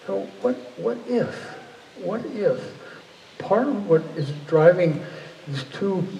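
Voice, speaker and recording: A man's voice: on the high side, creaky, mellow, slight background noise. Earnest man speaking in an echoey hall. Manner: earnest, searching, frequent restarts. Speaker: guest speaker. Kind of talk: reflective public talk. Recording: echoey hall from far off, faint ambience.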